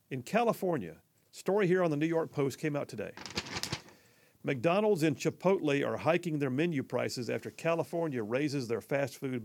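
A man's voice: medium pitch, gravelly, darkish tone. Folksy Southern-accented man hosting talk radio. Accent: Southern US, Alabama. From Alabama. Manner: folksy, emphatic, chatty. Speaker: radio talk show host. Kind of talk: conservative talk radio monologue.

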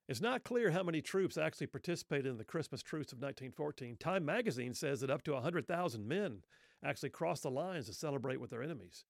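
A middle-aged man telling a story earnestly, with rhetorical questions and pauses. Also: a little high, creaky, no room sound, clean studio sound. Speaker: speaker telling a Christmas story. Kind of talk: reflective spoken storytelling.

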